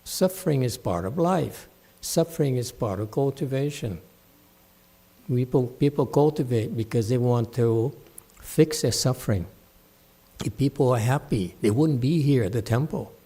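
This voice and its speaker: A man, a meditation master giving a dharma talk at a temple, scolding a student bluntly, shifting from low, measured speech to loud, high outbursts. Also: expressive, slightly rough.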